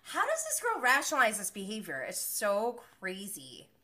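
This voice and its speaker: A woman recapping reality TV in a casual reaction vlog, exasperated and animated, saying "effing" in place of swear words. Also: mid-range voice, normal speed. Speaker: vlogger.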